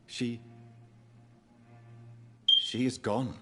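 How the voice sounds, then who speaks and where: A man voicing a grave, sorrowful son in game dialogue, speaking softly and patiently to his confused mother. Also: mid-range voice, flat delivery, drawn-out words, very noisy. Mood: gentle sorrow. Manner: soft, patient, restrained sorrow. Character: grave young doctor son, gentle and sorrowful. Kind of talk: video game voice acting. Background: game music.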